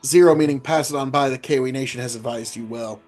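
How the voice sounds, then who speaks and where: A man's voice: mid-range voice, fast talker, a little mellow. Man hosting a whiskey tasting. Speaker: host of a whiskey review show. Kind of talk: casual tasting chat.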